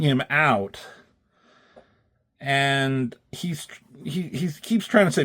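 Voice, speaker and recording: Man, comic recap, rambling, casual, filler-heavy, mid-pitched. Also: unhurried, pauses often, a bit bright. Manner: rambling, lots of um and like, swears casually. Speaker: comic book reviewer.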